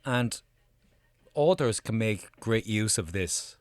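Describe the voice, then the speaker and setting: A man's voice: on the low side, lively intonation, slow pace, no echo. A man from Ireland, a channel presenter explaining things in a conversational voice-over.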